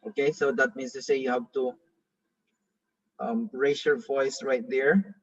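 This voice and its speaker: A man teaches a reading class as a pastor, patiently repeating words for his students. His slow, slightly husky voice comes from a distance. The recording sounds dull and lo-fi. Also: mid-range voice, flat delivery. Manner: patient, drills pronunciation with repeated examples. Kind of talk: classroom lesson.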